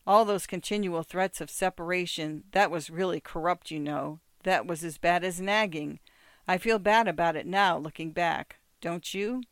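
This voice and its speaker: A woman's voice: on the low side, normal speed, no room sound, natural voice. Regretful ex-lover, a man, voiced by a woman, earnest and self-reproaching, storybook reading.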